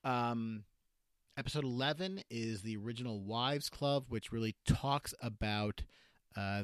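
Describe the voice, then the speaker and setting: A man giving an unscripted spoken review, halting often with fillers and correcting himself mid-sentence. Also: on the low side, smooth, dry recording, studio quality. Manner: halting, many filler words and self-corrections.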